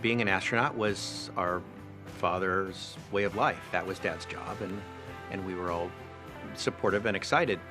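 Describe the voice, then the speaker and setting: A middle-aged man with a low voice speaks earnestly and evenly. Clear music plays beneath him throughout. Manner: earnest, measured. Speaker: interviewee, son of an Apollo astronaut. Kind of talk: reflective interview. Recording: music bed underneath.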